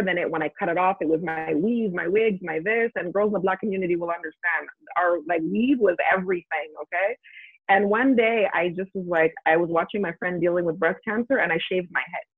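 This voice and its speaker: A woman's voice: fairly low pitch, slightly rough, dry recording. Emphatic woman on a tinny phone line. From Canada. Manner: straightforward and emphatic, laughs readily. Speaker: podcast guest. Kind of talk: casual interview talk.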